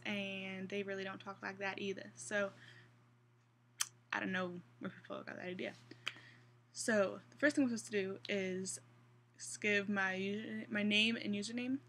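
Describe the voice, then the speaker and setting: A woman's voice: mid-range voice, pushed and bright. A young woman with a Central Kansas accent chatting casually through an accent challenge, rambling with restarts and fillers. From Kansas, USA. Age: young adult. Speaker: vlogger.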